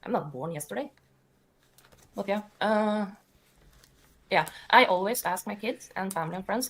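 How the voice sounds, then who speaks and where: A woman's voice: medium pitch, normal speed, long pauses. Rambling middle-aged Norwegian woman. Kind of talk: casual talk.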